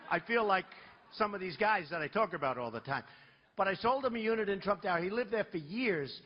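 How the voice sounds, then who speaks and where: Husky, lively-pitched man at a rally. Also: brisk, lo-fi sound. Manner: rambling, boastful, conversational storytelling. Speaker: presidential candidate. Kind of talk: campaign rally speech. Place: large rally venue.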